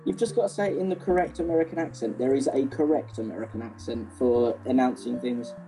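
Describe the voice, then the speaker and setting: A man co-hosting a casual podcast, animated and jokey. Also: mid-range voice, fast, faint music behind, poor audio. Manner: animated, jokey, acts out quoted voices. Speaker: podcast co-host.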